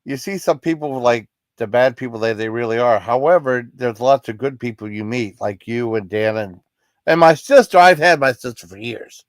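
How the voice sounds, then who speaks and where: A man's voice: medium pitch, normal speed, no echo, studio quality. A man hosting a livestream, chatting casually with viewers in a rambling, apologetic, reassuring way. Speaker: livestream host.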